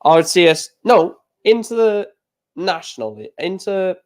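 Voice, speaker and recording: Calling the scores on a relaxed darts reaction stream, a high-voiced man talks at a moderate pace. Between throws he rambles and starts sentences over, growing excitable about his football club.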